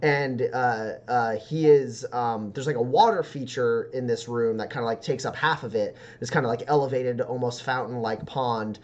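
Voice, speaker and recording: Male game master, mid-pitched, loose, rambling scene narration. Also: normal speed, few pauses, muffled recording. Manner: rambling, filler-heavy description.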